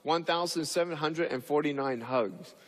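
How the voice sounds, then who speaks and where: Animated man telling funny stories. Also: a little high, moderate pace, in a large hall, a little hiss or hum. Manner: animated, acts out the people in his stories with big voice jumps. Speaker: motivational speaker. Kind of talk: humorous storytelling talk.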